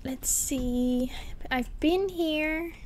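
A woman streamer doing panicky let's play commentary of a horror game, exclaiming and talking slowly between scares. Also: high-pitched, a little mellow, slight background noise. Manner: slow, drawn-out talk.

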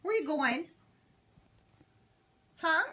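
A woman's voice: very high-pitched, lively intonation, extremely slow, pushed and bright. A woman at home filming her pet cockatoo, cooing and baby-talking to it and laughing often. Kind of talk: casual home video chat. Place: living room at home. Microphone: handheld camera.

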